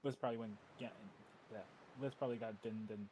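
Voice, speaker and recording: A man playing at a tabletop game, talking in a halting, rambling way and repeating himself. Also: mid-range voice, fairly even intonation, darkish tone, breathy edge. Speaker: player. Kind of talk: casual chat at a game table.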